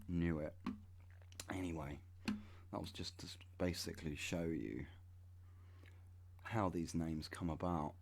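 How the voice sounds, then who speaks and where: Slow, low-voiced man. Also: a little mellow, a little hiss or hum. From United Kingdom. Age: 30s. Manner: wry, sarcastic asides. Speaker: channel host. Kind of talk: reading web pages aloud with commentary.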